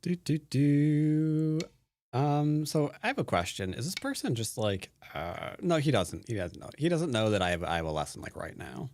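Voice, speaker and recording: A man's voice: fairly low pitch, huge pitch swings, a little fast, few pauses, no room sound. A man who plays and teaches Go, giving casual live-stream commentary while he plays, rambling and joking to himself and often trailing off into mutters. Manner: joking, wry asides. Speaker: Go player and teacher streaming a game.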